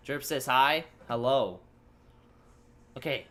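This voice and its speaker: A woman's voice: low voice, very animated, normal speed, fairly bright tone. A woman streaming a game live, chatting with viewers and swearing angrily at her equipment. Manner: frustrated, swearing, talking to chat. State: angry. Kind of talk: casual live-stream chat.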